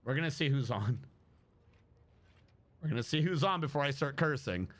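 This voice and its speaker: A man's voice: medium pitch, lively intonation, normal speed. A man streaming a game live, talking through his play and venting at it with heavy swearing. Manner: profane, exasperated venting. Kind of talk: live-stream gameplay commentary.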